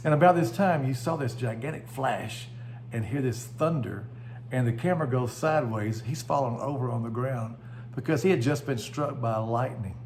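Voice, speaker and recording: A man's voice: medium pitch, normal speed, a little mellow, slight background noise. A man pastor giving a short devotional message, telling stories in a folksy way that livens up at dramatic moments.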